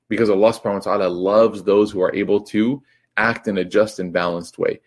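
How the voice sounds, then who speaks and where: Man, husky voice, low pitch, casual spoken religious reflection, easygoing with restarts. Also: fairly even intonation, normal speed. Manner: casual, with frequent fillers and restarts. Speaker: Islamic teacher.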